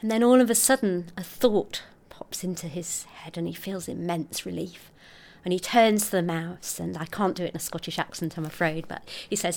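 Woman, middle-aged, articulate interview guest; somewhat low pitch. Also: normal speed, gravelly, few pauses. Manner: articulate, expressive storyteller. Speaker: scientist guest. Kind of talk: interview, explaining research.

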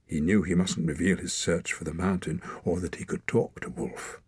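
A man narrating an adventure audiobook in a measured, expressive storytelling voice. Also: low voice, breathy edge, no room sound. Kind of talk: scripted narration.

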